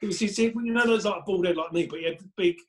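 A man with an Essex accent, a comedian telling lively stories in a casual podcast chat and acting out other people's voices. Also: sits high, fast. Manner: animated storyteller, acts out other people's voices. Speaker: guest, stand-up comedian.

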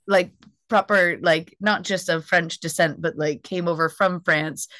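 A young American woman, a stand-up comedian, telling a story in casual chat, animated and laughing often. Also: lowish voice, a little slow, dry recording. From United States.

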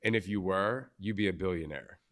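A man's voice: low-pitched, fairly quick, a bit bright. A man with a New Jersey accent hosting a live podcast, talking bluntly and animatedly and swearing freely. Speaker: podcast host. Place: live recording at a retreat.

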